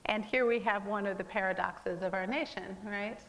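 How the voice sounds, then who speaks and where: Artist, woman, gallery talk; conversational and explanatory, mid-pitched, long room reverb. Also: steady tone, normal speed, a bit bright. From American. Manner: conversational, explanatory, with many fillers. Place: museum gallery.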